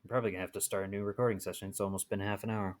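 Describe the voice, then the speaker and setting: A man's voice: fairly low pitch, level tone, rapid-fire. A man commenting casually on a video game as he plays, chatty and rambling, often restarting his sentences, with game music behind him. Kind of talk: let's play commentary.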